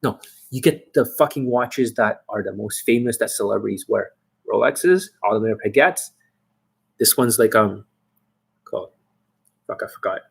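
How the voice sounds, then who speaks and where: A man's voice: medium pitch, gravelly, husky. A man working as a dating coach, ranting aggressively and profanely on a livestream.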